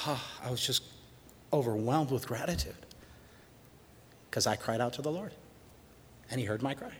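Animated preaching pastor in a big hall. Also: male voice, medium pitch, measured pace, pauses often, slight background noise. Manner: animated preaching, swinging from loud praise to hushed storytelling. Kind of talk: sermon. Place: church sanctuary. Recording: long reverb of a large hall.

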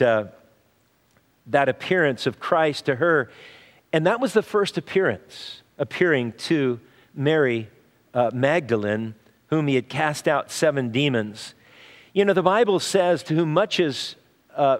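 Male pastor, somewhat higher-pitched voice, informal halting preaching style, long hall reverb. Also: lively intonation. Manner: conversational preaching with frequent fillers and restarts. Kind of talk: sermon.

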